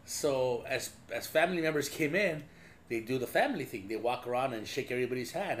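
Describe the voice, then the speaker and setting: A man's voice: mid-range voice, lively intonation, a little fast, slight background noise. A man hosting a podcast, telling loose, profane stories in casual chat with frequent laughter. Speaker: podcast host.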